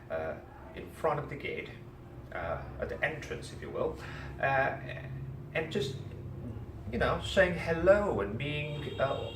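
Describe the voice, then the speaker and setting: A man teaches a class, animatedly telling a story and putting questions to his students. His voice is mid-range, and the recording is echoey with a distant mic, faint ambience and a noisy background.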